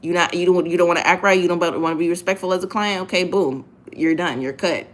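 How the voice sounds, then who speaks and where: A woman with a somewhat low voice talks straight to her listeners in a casual monologue. She is blunt and profane and hammers her points home by repeating phrases. She sounds like she is speaking from home. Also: fairly even intonation, quick pace. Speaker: host.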